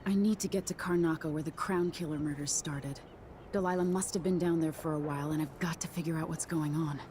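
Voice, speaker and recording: A woman's voice: sits low, fairly quick, a little hiss or hum, lightly acted. A woman voicing a resolute young empress. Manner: steady, resolute. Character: young deposed empress, determined and guarded. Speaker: game character.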